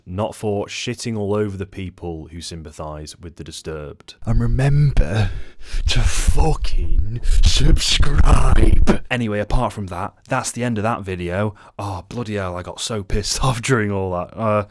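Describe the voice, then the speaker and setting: A man's voice: low voice, normal speed, hardly any pauses. A man rambling through an unscripted film review, exasperated and sweary.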